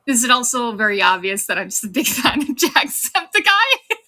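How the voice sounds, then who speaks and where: A woman in her thirties with a slight Irish tinge chats casually during her debut as a VTuber streamer, laughing often. Her voice sits on the high side and sounds very animated and sharp, moving at a normal speed.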